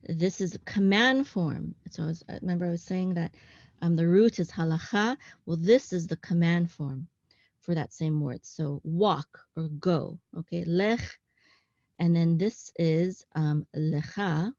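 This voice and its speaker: Explaining on-screen text in a casual online Hebrew lesson, a woman speaks at a fairly low pitch with a darkish tone. Her delivery is halting, full of ums, self-corrections and "okay?" check-ins, and the lo-fi recording is dull and dry from a close room.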